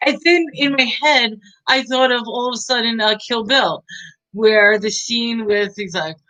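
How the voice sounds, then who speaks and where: A woman's voice: a little high, measured pace, pushed and bright, poor audio. A woman giving a casual, rambling movie review, chatty and giggly, with many fillers.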